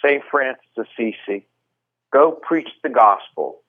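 A man guesting on a radio show, telling stories with a lively, swooping pitch. He talks in an animated way and throws in quick jokes and asides. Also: narrow, tinny audio. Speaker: guest speaker. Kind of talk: radio interview talk.

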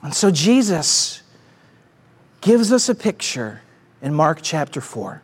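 A pastor preaching a sermon with emphatic delivery and rhetorical questions, swinging from raised to hushed. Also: mid-range voice, sing-song, slow pace, breathy edge. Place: church stage with slides behind.

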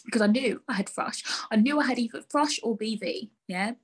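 A woman's voice: a little high, brisk, breathy edge. Blunt, ranting young woman. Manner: blunt, candid, swearing, ranting. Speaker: podcast host. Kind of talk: casual solo podcast chat.

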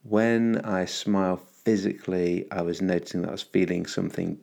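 Deep, gravelly upbeat man. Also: level tone, normal speed, darkish tone. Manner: rambling, upbeat, many fillers and restarts. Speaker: podcast host. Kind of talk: casual solo podcast monologue.

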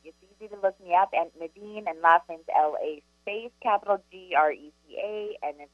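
A woman's voice: on the low side, no room sound. Chatty medium lady on radio, muffled lo-fi line, dry sound. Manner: chatty, animated storyteller, quick asides. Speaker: psychic medium co-host. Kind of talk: casual spiritual talk radio chat.

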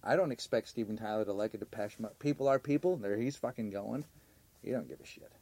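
A man co-hosting a podcast, telling stories in animated, profane, casual comedy chat. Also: fairly low pitch, fast talker. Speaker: podcast co-host.

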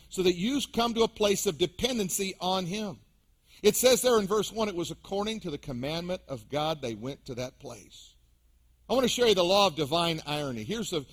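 A man's voice: high voice, fairly bright tone, husky. A middle-aged pastor preaching a sermon, telling a humorous personal story and speaking directly to his congregation.

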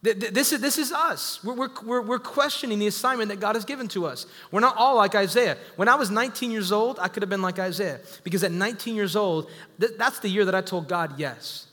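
A man with a high, bright voice preaches to his congregation, calling out to them with lively energy. His voice rings through a church hall with a long echo. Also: brisk. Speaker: pastor. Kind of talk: sermon. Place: church sanctuary. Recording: echoey hall.

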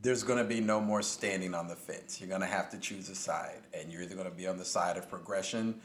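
A man hosting a casual podcast discussion in a relaxed way, often laughing. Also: deep voice, a little fast. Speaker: podcast host. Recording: echoey room.

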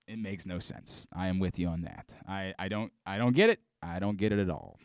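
Male sports radio host, lively pitch, smooth resonant voice, dry close sound, exasperated ranting delivery. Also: fairly quick, no echo. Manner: animated, exasperated ranting with frequent restarts. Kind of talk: sports talk radio monologue.

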